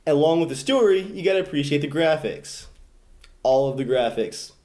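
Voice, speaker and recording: Guy with a slightly high voice doing a jokey brag. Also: animated, moderate pace, mellow. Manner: mock-boastful, laughing. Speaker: podcast co-host. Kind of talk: casual chat. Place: cabin room with live audience.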